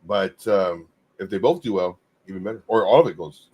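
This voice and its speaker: A man's voice: deep voice, brisk, slightly rough, dull audio. A man co-hosting a casual crypto talk show, easygoing and agreeable as he chimes in. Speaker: co-host.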